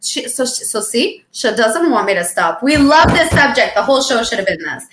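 Chatty expressive woman in an echoey room. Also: on the high side, normal speed, background noise. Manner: chatty and expressive, jokey, acts out dramatic quotes. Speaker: podcast co-host. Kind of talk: casual chat about weight loss.

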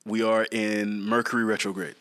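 A young man co-hosting a casual chat, animated, laughing often and repeating phrases. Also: lowish voice, normal speed, slight background noise.

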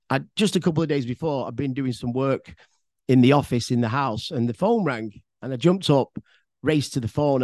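A man's voice: mid-range voice, dry recording, clean studio sound. A man with an English accent telling a personal story on his podcast, in a rambling, chatty way with frequent swearing and repeated words. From England. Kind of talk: casual spoken storytelling.

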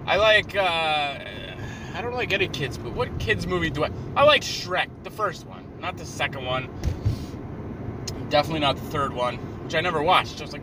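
Young dude ranting casually in his car, slightly high voice, swears a lot, engine and road noise under it. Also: lively intonation, normal speed. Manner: profane, sardonic, meandering. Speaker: vlogger. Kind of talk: rambling casual monologue while driving.

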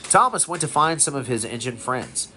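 A father reading a picture book aloud to his son, expressive with small slips. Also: medium pitch, normal speed, soft background music. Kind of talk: bedtime storybook reading.

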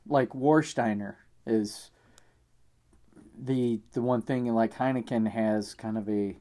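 A man in casual conversation, talking in halting, rambling sentences with frequent restarts. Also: medium pitch, steady tone, mellow. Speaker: podcast co-host. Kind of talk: casual beer-tasting chat.

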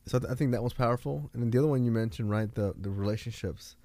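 A man's voice: medium pitch, racing, dark tone, dry recording. A man talking earnestly in a casual conversation, telling stories and giving life lessons in a motivational way. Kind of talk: casual podcast chat.

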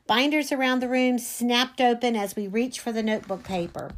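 Woman reading a story aloud, expressive, a bit high-pitched. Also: normal speed. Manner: expressive first-person storytelling. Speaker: reader.

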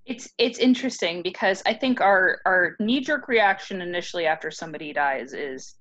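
A woman's voice: lowish voice, moderate pace, a bit bright. A young woman musing about a book in easy podcast conversation, thoughtful with dry little jokes. Her sound is a bit muffled and lo-fi. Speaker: podcast co-host. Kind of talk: casual chat about a book.

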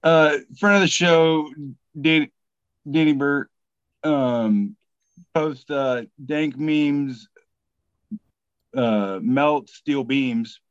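A man co-hosting a podcast who jokes in a relaxed way and pauses on fillers as he reads posts aloud. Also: on the high side, smooth, dry recording. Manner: relaxed joking, halting with fillers. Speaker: podcast co-host. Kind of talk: casual chat. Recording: dull, dry sound.

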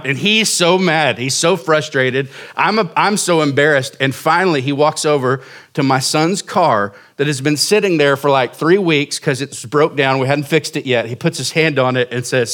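A man's voice: a little high, moderate pace, bright, forceful tone. A man in his forties preaching a sermon as pastor, telling a story casually and making fun of himself. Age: 40s. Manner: casual, self-mocking storytelling.

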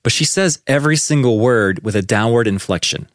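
This studio owner and podcast co-host speaks a little fast in a medium-pitched voice, recorded with no room sound. He's chatty and eager, peppering his talk with fillers as he casually discusses how songs are produced.

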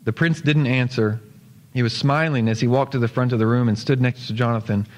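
A male pastor reads a story to his congregation in a steady, mid-pitched voice and slows down on key lines. He is recorded in a church sanctuary, where a long reverb trails his words. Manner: steady storytelling, slowing for emphasis. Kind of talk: sermon, reading a story aloud.

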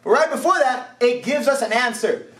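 Man, preacher, very high voice, lively sermon, shouting calls to action, echoey hall, distant mic. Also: normal speed. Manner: lively storytelling, shouts exhortations, laughs. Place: church hall. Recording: roomy, distant church mic.

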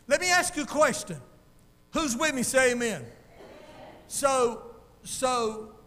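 A male pastor preaching a sermon in a folksy, animated storytelling way, calling out to his congregation. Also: extremely high pitch, big-room sound.

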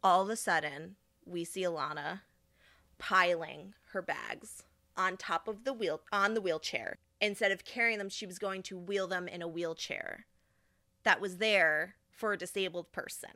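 A young woman vlogger telling a casual story, animated and exasperated, often acting out what people said. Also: fairly low pitch, unhurried, no echo, studio quality.

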